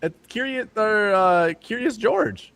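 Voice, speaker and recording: A man's voice: sits high, animated, slow pace, gravelly, a bit bright, clear, resonant tone, no room sound. A man hosting a sports betting podcast in casual chat, rambling and joking, laughing often. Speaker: podcast host.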